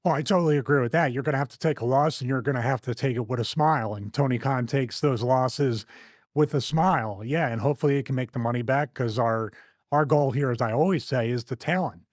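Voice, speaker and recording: A man's voice: mid-range voice, fast talker, no echo, studio quality. Opinionated Philly-accented man hosting. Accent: Philadelphia. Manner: animated, opinionated, laughs often. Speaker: wrestling show host. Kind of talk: casual podcast chat.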